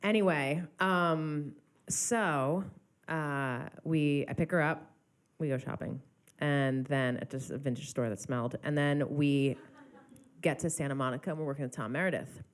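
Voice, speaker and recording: A woman songwriter and producer telling stories in a casual interview, animated, joking and self-deprecating. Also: sits low, normal speed, smooth. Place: studio interview set.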